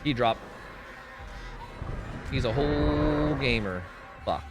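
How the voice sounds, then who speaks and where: Over music, a young man with an animated mid-range voice takes his time as he plays a game on stream. He chats casually, curses a lot, says "like" often and restarts sentences while reacting and replying to chat.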